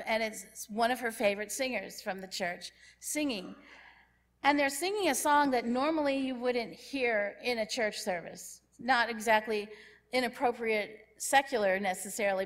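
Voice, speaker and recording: A woman giving a sermon in a church, telling a story in a lively way and acting out what the people in it say. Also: mid-range voice. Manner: lively storyteller who acts out characters' lines. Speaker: church speaker. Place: church sanctuary.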